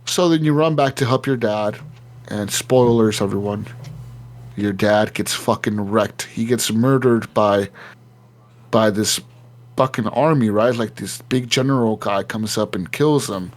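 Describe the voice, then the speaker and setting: A man's voice: fairly low pitch, measured pace. A man on a gaming podcast, casually retelling a video game story with lots of swearing and acting out the characters' lines. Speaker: podcast co-host.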